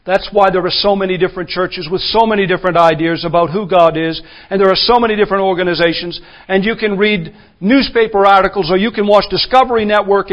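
A man preaching a sermon, building to forceful, emphatic declarations. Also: sits high, lo-fi sound.

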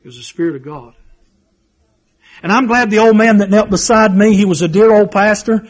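A man's voice: high voice, fairly quick. A man preaching a sermon, fervent and repetitive, telling personal stories.

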